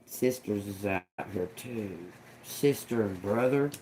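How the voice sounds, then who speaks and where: A man doing a tarot reading, slowly sounding out words and phrases and repeating them as he tries to make sense of the messages. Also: fairly low pitch, dark tone, slight background noise. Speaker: tarot reader. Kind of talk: slow channeled reading.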